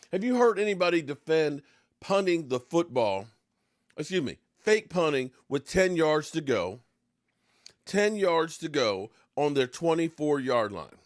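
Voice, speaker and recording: Joking, animated sports-rant host, a man. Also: no echo, clean studio sound. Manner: animated, joking, swings from low mutters to excited outbursts; eating pie while talking.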